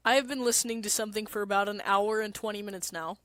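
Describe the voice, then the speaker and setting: A woman's voice: medium pitch, fairly even intonation, fast, no room sound. A woman streamer talking in a rambling, casual way and swearing now and then. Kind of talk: casual solo chat.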